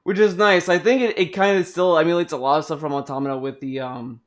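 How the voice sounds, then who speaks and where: A man's voice: on the high side, steady tone, quick pace. A man hosting a casual podcast, chatting about games in a rambling way full of fillers and restarts. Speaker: podcast host.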